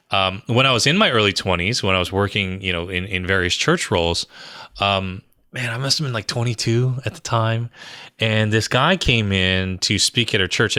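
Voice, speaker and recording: A man with a low, bright voice talks through his experience in a podcast interview. He tells stories in a lively way and fills his talk with "you know" and "um". The mic is close and the sound is dry, with no room around him. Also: no room sound. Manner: animated storyteller, fillers like "you know" and "um". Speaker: guest, brand strategist and author.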